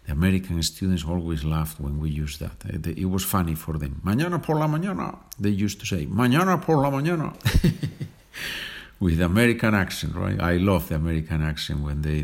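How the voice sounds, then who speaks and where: Low husky male teacher. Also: steady tone. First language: Spanish. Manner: slow deliberate example sentences, chatty asides ending in "okay?". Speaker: language teacher, podcast host. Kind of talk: podcast language lesson.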